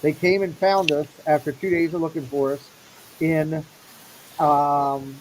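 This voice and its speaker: A man's voice: a little high, flat delivery, measured pace, a little mellow, a little hiss or hum, low-quality recording. A middle-aged man hosting a casual show, animatedly acting out the people in his story. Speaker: show host.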